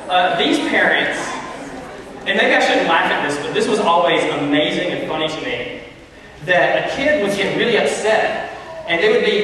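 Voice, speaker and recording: A man gives a storytelling Bible talk to children, chatting and asking them questions as he goes. His voice sits a bit high and comes from a distance. A long, roomy echo fills the church hall around him, with a faint hiss underneath. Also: fairly bright tone. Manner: storytelling, conversational, addresses kids. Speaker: youth speaker. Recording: echoey hall, far from mic.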